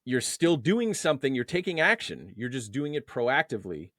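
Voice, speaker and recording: A man's voice: medium pitch, normal speed, no room sound. A man talking as an interview guest in a mid-range voice. He explains his ideas through homely analogies and pushes up on the words he wants to land. The sound is close and dry. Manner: explains through everyday analogies, animated lift on key words. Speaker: guest, men's emotional coach. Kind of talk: conversational interview.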